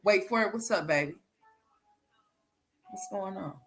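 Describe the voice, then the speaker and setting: A woman streamer giving blunt, profane reaction commentary, talking straight to her live chat and swinging between loud and quiet. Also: mid-range voice, a little slow, faint music behind.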